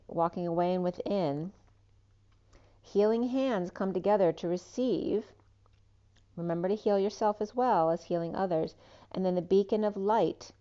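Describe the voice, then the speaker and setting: A woman's voice: mid-range voice, mellow, dull audio. A woman giving a spiritual tarot reading, wandering from one association to the next with frequent ums and trailing asides. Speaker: tarot reader.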